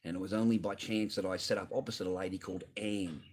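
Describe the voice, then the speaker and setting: A man's voice: deep voice, fairly even intonation, fast, a little mellow, a little hiss or hum. A man of fifty, hosting a livestream and talking in a blunt, profane, heated rant into a computer mic. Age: 50s. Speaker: livestream host answering donations.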